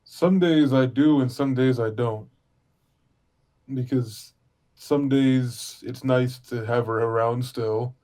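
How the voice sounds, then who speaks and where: A man playing a halting, grieving adventurer. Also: medium pitch, mellow, natural voice. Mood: troubled. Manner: halting, searching for words. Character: grieving young adventurer haunted by a lost friend.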